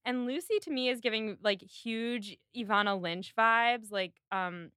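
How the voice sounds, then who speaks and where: A woman hosting a podcast in casual chat, animated and quoting characters as she goes. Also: fairly high pitch, unhurried, smooth, no echo, studio quality. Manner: animated, quotes characters in voices. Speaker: podcast host.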